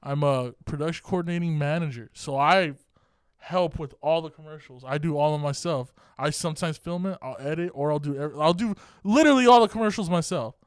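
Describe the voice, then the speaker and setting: A man's voice: on the high side, brisk, smooth, no echo. A man co-hosting a podcast, telling a profane, self-mocking story in casual chat. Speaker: podcast co-host.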